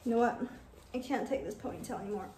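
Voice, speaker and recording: A woman in her twenties with a Hong Kong accent chats playfully in a casual vlog, switching between English and Cantonese. She talks fast at a medium pitch, and the audio is reverberant with a noisy background.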